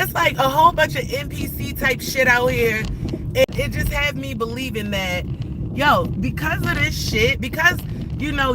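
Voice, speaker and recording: Woman, blunt cursing rant, moves between loud and hushed, car interior, road noise. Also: fairly high pitch. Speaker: live-stream host. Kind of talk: ranting live-stream vlog. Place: inside a car while driving.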